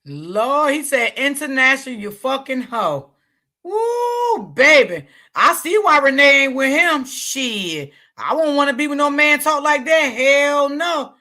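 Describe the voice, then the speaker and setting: Blunt high-voiced woman livestreamer. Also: very animated, slow pace, few pauses, pushed and bright. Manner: blunt, opinionated, reads chat aloud. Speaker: commentary livestream host. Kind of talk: casual commentary on a live.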